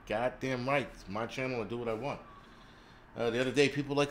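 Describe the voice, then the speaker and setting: A man on a livestream from a city home, crude and combative, swearing constantly as he rants to his viewers. His voice sits at a middling pitch, with a faint hum of room noise behind him. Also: fast. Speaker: host of a prepping channel. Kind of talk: profane livestream rant. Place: indoors in a city.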